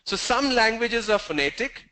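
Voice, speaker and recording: A man teaching English pronunciation in an online class, speaking in a measured way, asking the class questions and repeating key points. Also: extremely high pitch, animated, sharp tone, rough recording.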